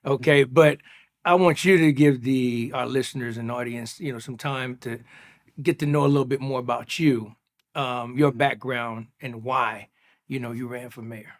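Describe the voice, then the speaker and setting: A man's voice: mid-range voice, fairly even intonation, moderate pace. A man hosting a studio interview, talking enthusiastically and often repeating words as he starts his sentences. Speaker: podcast host.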